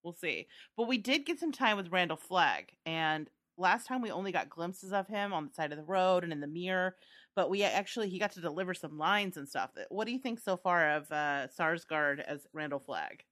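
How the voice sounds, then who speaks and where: A woman co-hosting a podcast in a slightly low but bright, forceful voice. She talks in an easygoing way, loose and full of filler words. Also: moderate pace. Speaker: podcast co-host. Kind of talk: casual chat about a TV adaptation.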